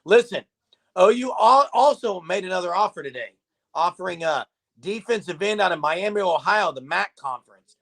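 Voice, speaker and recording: A man's voice: high-pitched, animated, moderate pace, vocal fry, a bit bright. A man hosting a live sports talk show, chatting casually and reading viewer comments aloud. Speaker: podcast host.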